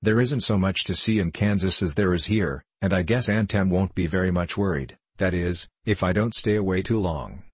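A man's voice: low-pitched, moderate pace, few pauses, breathy edge, no room sound. A man voicing a curious, polite little girl in an audiobook reading. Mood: earnest. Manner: polite, earnest.

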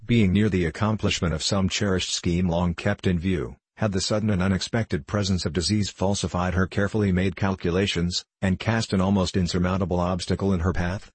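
A man reading a classic novel aloud as a narrator, in a measured, even manner and lightly voicing the characters' dialogue. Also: low-pitched, breathy edge, no room sound. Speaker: audiobook narrator.

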